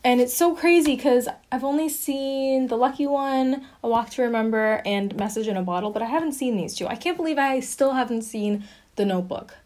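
A woman's voice: fairly high pitch, fairly quick, a little mellow. A young woman chatting casually through a haul video, bubbly and full of fillers, a little out of breath. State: slightly out of breath. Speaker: vlogger.

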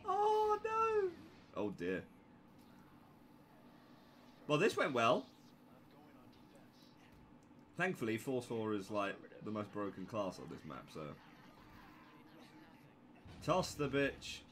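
A man's voice: on the low side, very animated, slow, pauses often, noisy background. Sweary sarcastic young man gaming. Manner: sweary, sarcastic, bursts into yelps and laughs. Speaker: gameplay commentator. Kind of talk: casual gameplay commentary.

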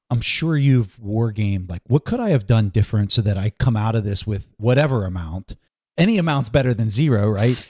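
A man's voice: medium pitch, mellow, no room sound, clean studio sound. A man hosting a podcast interview, asking questions and adding short remarks. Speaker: podcast host.

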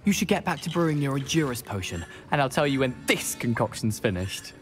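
A man's voice: medium pitch, very animated, brisk, faint music behind, natural voice. Man voicing a young British student, boastful and eager, game character. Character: cocky young male student potion prodigy.

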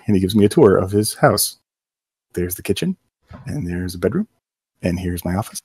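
Low-voiced man telling a lively anecdote. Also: moderate pace, pauses often, breathy edge, dry recording. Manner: animated anecdote with acted quotes. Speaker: game company co-worker telling his hiring story. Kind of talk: casual storytelling on a stream.

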